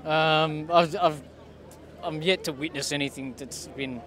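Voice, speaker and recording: A man's voice: on the high side, fairly even intonation, unhurried, fairly bright tone. A man, a pro cyclist, answering interview questions outdoors in a thoughtful, wordy, casual way. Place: outdoors at a bike race.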